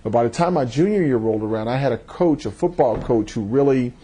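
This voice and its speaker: A man, a judge, giving thoughtful and measured interview answers, often repeating words as he starts a thought. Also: medium pitch, lively intonation, mellow, husky.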